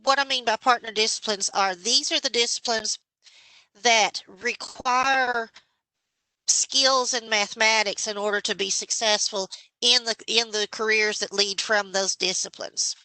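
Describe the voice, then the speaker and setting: A woman giving a measured, explanatory presentation to a state education board as a committee member. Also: a little high, fairly even intonation, sharp tone, clean tone, dry recording, poor audio. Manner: explanatory, measured, with some restarts. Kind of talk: formal presentation.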